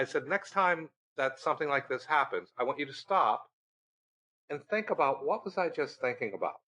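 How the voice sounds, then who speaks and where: A middle-aged man and guest on a podcast, telling a story in a lively way and acting out the dialogue. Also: medium pitch, rough recording. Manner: animated storyteller, acting out quoted dialogue with laughs. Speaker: research center director, guest.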